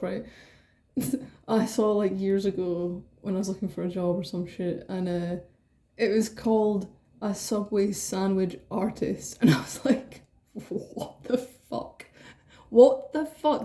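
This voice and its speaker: A woman talks through a tarot spread to camera in a loose, rambling way, swearing freely and bubbling over with excitement. Her voice has a mellow, darker tone at a middle pitch. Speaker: tarot reader. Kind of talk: casual tarot reading to camera.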